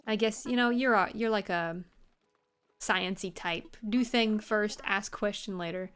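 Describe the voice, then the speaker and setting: A woman's voice: mid-range voice, a little slow, fairly bright tone. A woman casually chatting while she streams a video game, rambling, joking and swearing as she plays. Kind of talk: casual gameplay commentary.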